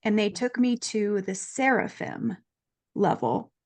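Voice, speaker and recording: A woman guest in an earnest, lively conversation, telling a personal story and acting out the voices she quotes. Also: mid-range voice, slow pace.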